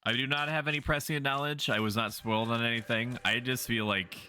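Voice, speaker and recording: A man's voice: mid-range voice, fairly even intonation, fairly quick, pushed and bright, slight background noise. A young man streaming a game, joking around and reacting casually. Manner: joking, reads game lines aloud.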